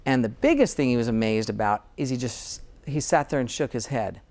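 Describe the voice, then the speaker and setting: A man's voice: mid-range voice, fairly quick, darkish tone. A man speaking as a dentist guest in an interview, earnest and enthusiastic, often restarting his sentences. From Utah, USA. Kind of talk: interview conversation.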